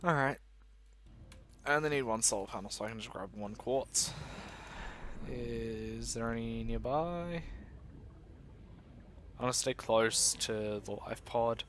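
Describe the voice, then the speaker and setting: A young gaming host plays a survival game and rambles to his viewers, cracking self-deprecating jokes as he goes. He speaks in a slightly bright mid-range voice at a measured pace, pausing often, against slight background noise.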